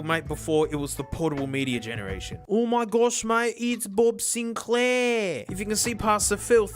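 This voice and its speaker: Energetic South Australian man, high voice. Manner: energetic, slangy, says "mate" constantly. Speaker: video host. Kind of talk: casual comedic vlog.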